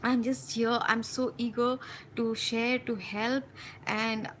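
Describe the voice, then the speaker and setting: A woman hosting a spiritual live stream from home, talking passionately and intensely, speeding up when excited and laughing often. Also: on the high side, slow, a little hiss or hum, low-quality recording. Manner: frequent laughs and warm endearments. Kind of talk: live-stream talk to viewers.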